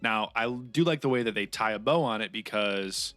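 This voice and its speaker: A man's voice: fairly low pitch, fairly quick, a bit bright, no echo, soft background music. A man co-hosting a casual comedy podcast, giving blunt opinions and swearing casually as he reads out chat questions. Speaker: podcast co-host.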